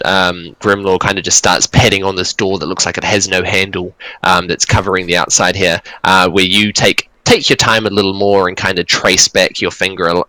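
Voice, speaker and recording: A man narrating as dungeon master in a tabletop game, in a relaxed, hesitant way with many fillers. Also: low-pitched, no room sound, poor audio.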